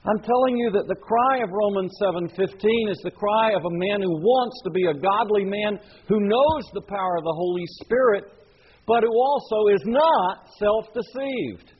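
A man's voice: sits high, normal speed, hardly any pauses, muffled recording, slight background noise. A man preaching a sermon in an earnest, emphatic way, asking the listeners questions. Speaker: pastor.

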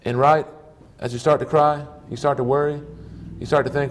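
A man's voice: mid-range voice, level tone, brisk, few pauses. A man preaching a sermon, telling stories earnestly in short emphatic phrases.

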